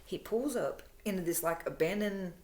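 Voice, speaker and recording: A woman casually telling a personal story, chatty, animated and frank, often laughing. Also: on the low side, normal speed. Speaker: true crime storyteller, channel host.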